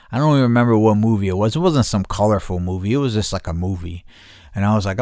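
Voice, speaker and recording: A man's voice: on the low side, no echo, clean studio sound. A man hosting a podcast, telling a rambling, profane story in a casual monologue and laughing as he goes. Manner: rambling, profane, laughing, acts out his own shouts. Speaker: podcast host.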